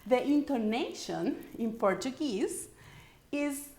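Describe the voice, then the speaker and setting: In an online language lesson, a Spanish-speaking woman from Paraguay coaches English intonation, explaining patiently and modeling example sentences aloud. She speaks slowly in a fairly high, animated, slightly mellow voice, with a noticeable room echo.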